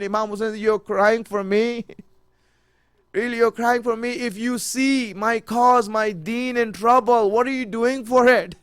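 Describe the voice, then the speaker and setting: High-voiced man preaching an emotional sermon. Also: no echo. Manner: emotional, rising to near-shouts, repeats phrases.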